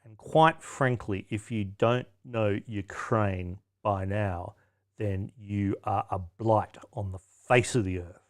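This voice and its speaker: A man's voice: lowish voice, steady tone, takes it slowly. A man hosting a pub quiz, reading out questions with wry, cheeky asides and chatty self-corrections. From Australia. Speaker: quiz host.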